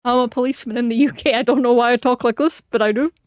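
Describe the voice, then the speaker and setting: A woman's voice: fairly high pitch, fairly even intonation, quick pace, dry recording, clean studio sound, natural voice. A woman voicing a dismissive, mocking male British policeman in a sing-song, belittling tone.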